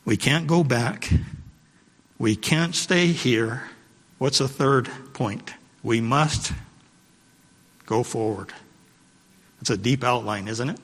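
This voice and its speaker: Taking his time, a mid-range, fairly bright-voiced man preaches a sermon, returning to his points again and again and calling out to his congregation. The church sanctuary gives the recording a long hall reverb.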